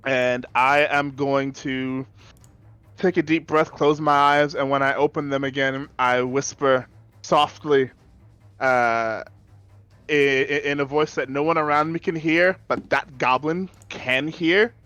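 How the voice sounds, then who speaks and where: A man playing a tabletop role-playing game, speaking hesitantly with many pauses while he picks his spells. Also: medium pitch, fairly even intonation, pushed and bright, clear, resonant tone, faint music behind. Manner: slow, hesitant, with many ums. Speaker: player.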